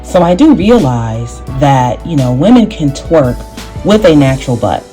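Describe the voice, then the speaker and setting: Low, mellow woman hosting a commentary vlog. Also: very animated, soft background music. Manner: measured, posing questions to viewers. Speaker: channel host.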